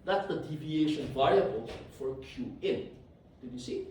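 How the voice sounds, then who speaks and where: A man giving a live classroom lecture while coding, animated and teasing, often checking whether students follow. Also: fairly high pitch, normal speed, slight background noise. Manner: animated, teasing, asks "did you see?" often. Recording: echoey lecture hall, distant mic.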